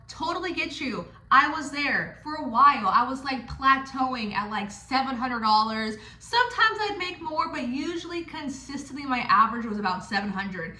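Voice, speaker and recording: A woman's voice: high-pitched, lively intonation, moderate pace, few pauses, pushed and bright. A young woman giving casual, blunt and playful advice to other dancers, swearing freely. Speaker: stripper coaching other dancers. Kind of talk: casual direct-to-camera advice. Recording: echoey room.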